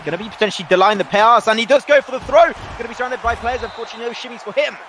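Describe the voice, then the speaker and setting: Fast-talking esports commentator man. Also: very high voice, a bit bright, a little hiss or hum. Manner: rambling, self-correcting, laughs at himself. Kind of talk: play-by-play commentary.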